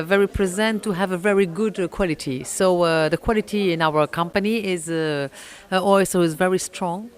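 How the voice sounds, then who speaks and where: A woman with a French accent, a French native speaker, answering interview questions slowly in English with many pauses and fillers. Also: fairly low pitch. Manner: halting, many fillers, searches for English words. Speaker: oyster company owner.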